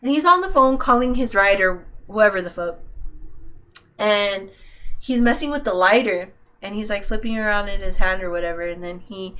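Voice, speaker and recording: A young woman co-hosting a podcast, telling a story in casual chat, swearing freely and acting out what people said. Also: mid-range voice. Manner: animated, swearing, acts out quotes. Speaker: podcast co-host.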